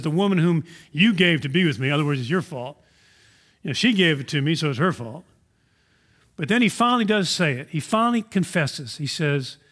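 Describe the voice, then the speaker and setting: High-voiced pastor preaching earnestly. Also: male voice, a bit bright. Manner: earnest, asks rhetorical questions. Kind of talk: sermon.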